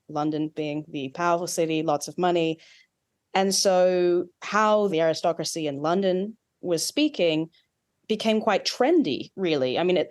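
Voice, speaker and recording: A woman's voice: lowish voice, a little mellow. A woman with an Australian accent, a dialect coach, explaining at length with asides and examples in an interview. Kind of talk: expert interview.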